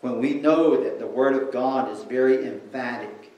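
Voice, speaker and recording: A man preaching a sermon, teaching slowly and with emphasis while switching between English and another language. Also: medium pitch, darkish tone. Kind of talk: bilingual sermon with interpretation. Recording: roomy and distant from the mic.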